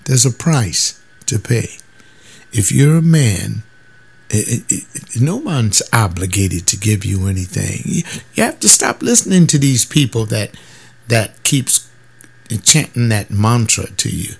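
A man's voice: on the low side, sing-song, measured pace, creaky, slightly rough. An older man and former soldier, talking in a casual, emphatic monologue and now and then mimicking other people's voices. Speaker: former soldier sharing views.

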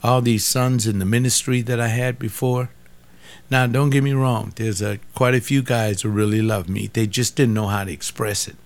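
A man's voice: mid-range voice, fairly even intonation, moderate pace, creaky. An older man giving an informal sermon, repeating phrases for emphasis and talking straight to his listeners. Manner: repetitive, emphatic, conversational preaching. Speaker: pastor.

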